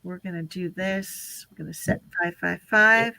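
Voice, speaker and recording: A woman's voice: lowish voice, measured pace, creaky, bright, forceful tone. A woman hosting a casual live stream, chatting with guests and running through lists of names. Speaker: livestream host.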